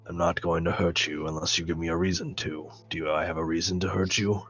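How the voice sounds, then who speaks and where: A man voicing a calm winged male adventurer who speaks low, soft and politely. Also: brisk, breathy edge, highs cut off, soft background music. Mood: calm reassuring.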